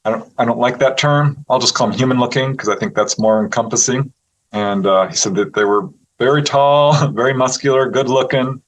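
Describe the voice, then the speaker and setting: Male interview guest, mid-range voice, animated raconteur who laughs a lot and acts out quotes. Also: mid-range voice, fairly quick, poor audio. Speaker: interview guest, UFO researcher. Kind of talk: casual storytelling interview.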